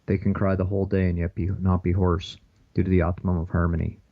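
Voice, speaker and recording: A radio host, a man, reading a classic text aloud in a slow, measured way. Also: low voice, flat delivery, no echo, phone-quality sound.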